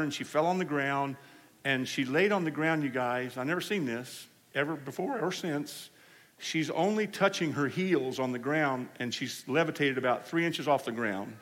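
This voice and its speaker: A man preaching a sermon, telling healing stories in an animated way and acting out the people he quotes. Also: fairly high pitch. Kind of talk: storytelling sermon. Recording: hall reverb.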